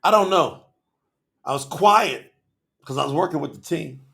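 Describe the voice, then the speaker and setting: Man, livestream host, gravelly voice, a bit high, passionate, casual slang. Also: expressive, moderate pace, pushed and bright. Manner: passionate, addresses viewers directly in casual slang.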